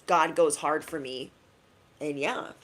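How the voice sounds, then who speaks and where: Chatty low-voiced spiritual woman. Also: a little hiss or hum. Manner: chatty, slangy, acts out quick asides. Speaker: spiritual reader. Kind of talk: casual spiritual pep talk.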